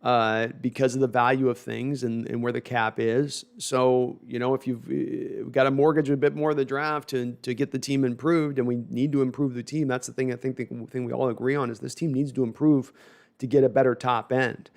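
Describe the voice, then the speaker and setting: A man's voice: medium pitch, level tone, moderate pace, creaky. A man hosting a casual live sports talk stream, reading viewer comments and rambling with self-deprecating asides and frequent restarts.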